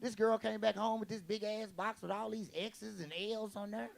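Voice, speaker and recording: A stand-up comic with a high, gravelly voice delivers brash, profane material packed with quick, punchy lines and acted-out quotes. His intonation stays fairly even, and a faint crowd's laughter builds in the background.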